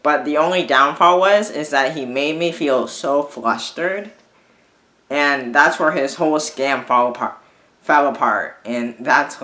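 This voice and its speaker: A man rants straight to camera, exasperated and swearing freely, circling back and restarting his sentences as he vents. His voice has a bright, forceful edge, and the room throws back a noticeable echo. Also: on the high side. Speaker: vlogger. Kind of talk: ranting casual monologue. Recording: echoey room.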